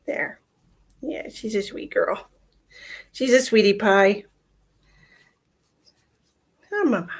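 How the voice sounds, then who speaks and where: A middle-aged woman hosting a live psychic reading stream, chatting casually to viewers and sometimes cooing at her cat. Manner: chatty, breaks into high-pitched baby talk calling her cat. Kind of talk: casual livestream chat.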